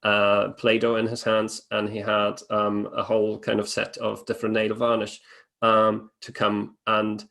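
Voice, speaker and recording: Low, gravelly man hosting a webinar. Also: completely flat delivery, unhurried, fairly bright tone. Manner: hesitant, many fillers and restarts. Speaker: webinar host. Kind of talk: casual webinar talk.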